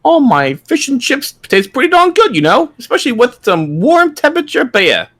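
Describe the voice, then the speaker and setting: A man's voice: wildly swooping pitch, normal speed, a bit bright, full character voice. A man putting on an exaggerated British accent as a silly, chirpy sports fan. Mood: mocking. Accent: put-on British. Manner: high sing-song parody voice.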